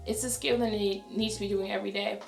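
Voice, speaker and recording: A young adult woman, a schoolteacher, talking fast and chatty in a casual vlog, her voice raspy and tired. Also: mid-range voice, flat delivery, roomy sound, soft background music. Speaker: elementary school teacher. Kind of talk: casual vlog talk to camera.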